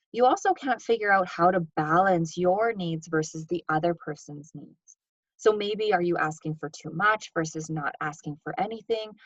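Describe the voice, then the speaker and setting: A woman's voice: fairly low pitch, dry recording. A woman co-presenting an educational session, guiding listeners through examples. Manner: guiding, reads example sentences with changing stress. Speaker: workshop co-presenter. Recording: dull, dry lo-fi mic.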